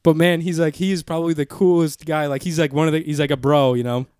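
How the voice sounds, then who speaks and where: A man's voice: a little high, steady tone, quick pace, darkish tone, clean tone, no echo, clean studio sound. A young man co-hosting a podcast, telling a long rambling story in casual chat, swearing a lot and acting out what others said. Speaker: podcast co-host. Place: small podcast studio. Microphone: studio mic.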